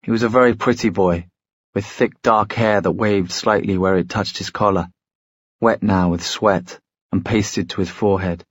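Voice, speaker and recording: A man narrating a story in a measured, storytelling way. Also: on the low side, steady tone, no room sound. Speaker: audiobook narrator. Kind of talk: scripted narration.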